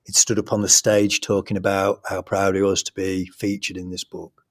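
English man telling a story, lower voice. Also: moderate pace. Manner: animated, conversational storytelling with restarts. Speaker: guest, school trust leader. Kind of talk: telling a personal story in an interview.

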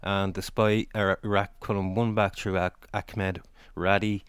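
A man recapping a match casually, halting with fillers. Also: deep voice, little pitch movement, smooth, no echo, clean studio sound. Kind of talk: casual chat.

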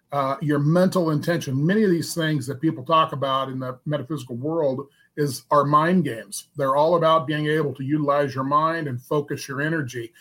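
A man who is a guest on a talk show, explaining his work in a relaxed, plainspoken way. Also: a little high.

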